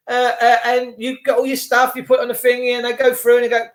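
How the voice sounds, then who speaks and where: High-pitched english guy on a sweary heated rant, keeps restarting. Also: brisk, hardly any pauses, fairly bright tone. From England. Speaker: tradesman. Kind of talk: casual ranting monologue.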